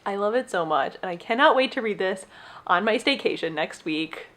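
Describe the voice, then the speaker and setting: A woman's voice: medium pitch, animated, moderate pace, a bit bright. A young adult woman hosting her own podcast, chatting casually and rambling with gushing enthusiasm. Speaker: podcast host. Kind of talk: casual solo chat.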